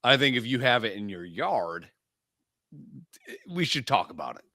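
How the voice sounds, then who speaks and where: Animated, bright-voiced man riffing crudely. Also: mid-range voice, dry recording, clean studio sound. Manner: provocative, profane, joking, fast-shifting emphasis. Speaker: podcast co-host. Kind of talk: crude joking podcast banter.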